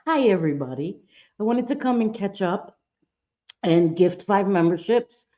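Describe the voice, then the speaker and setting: A chatty woman hosts a casual livestream from her room at home, greeting viewers by name, swearing freely and laughing between sentences. Her voice sits at a middle pitch and comes through a computer mic, and the stream audio sounds a little dull and lo-fi. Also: lively intonation, a little slow, dark tone. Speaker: livestream host. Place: home room with bright lights.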